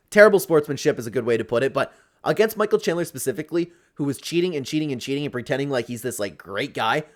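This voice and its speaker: A man hosts a casual reaction commentary in an excitable, joking way and breaks into laughter often. His voice sits at a middle pitch. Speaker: host.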